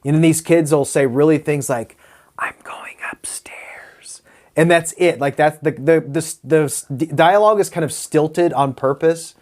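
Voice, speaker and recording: A man's voice: fairly high pitch, moderate pace, hardly any pauses, darkish tone. Rambling, foul-mouthed podcast guy. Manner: rambling, searching for words, swears freely. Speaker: podcast host. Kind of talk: casual movie-review chat.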